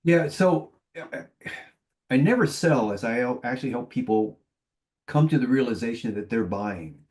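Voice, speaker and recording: A man on a conference panel, telling animated sales anecdotes full of quoted dialogue. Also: medium pitch, normal speed. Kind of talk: panel discussion storytelling.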